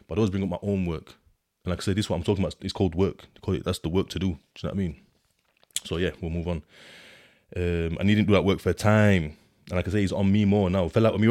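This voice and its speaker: A deep-voiced man, rambling casually in street slang with plenty of fillers. His voice sits low. The recording is dry and close, with no room sound. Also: warm tone, no room sound. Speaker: podcast host telling his prison experiences. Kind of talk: casual monologue, reading out a report.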